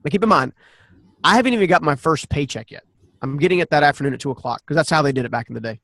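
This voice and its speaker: A man in his forties, a guest on a podcast interview, tells a personal story earnestly and animatedly, often circling back to restart sentences. His gravelly, rapid-fire voice sits a touch high for a man, recorded dry and close with no room echo.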